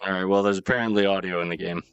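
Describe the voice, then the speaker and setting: A man's voice: deep voice, steady tone, very fast, fairly bright tone, dull audio, soft background music. A man streaming a game live, chatting casually with viewers, exasperated and swearing often as he laughs between lines.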